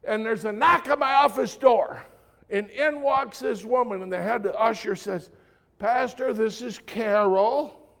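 A male pastor preaching a sermon in a conversational, storytelling way, swinging from loud emphatic lines to hushed soft ones. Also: very high-pitched, normal speed, creaky.

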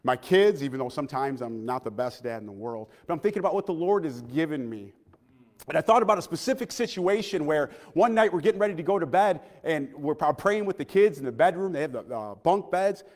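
A man's voice: on the high side, animated, a little fast. Earnest preacher man in an echoing church. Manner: earnest, swings between loud and hushed. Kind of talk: personal sermon. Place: church sanctuary. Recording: long church hall reverb.

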